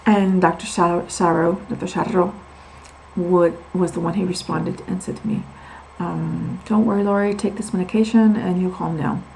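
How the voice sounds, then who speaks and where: Gravelly-voiced woman telling a personal story. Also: on the low side, a little mellow, slight background noise, poor audio. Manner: emphatic, repeats words for stress, goes off on tangents; candid and confiding. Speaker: vlogger sharing her medical experience.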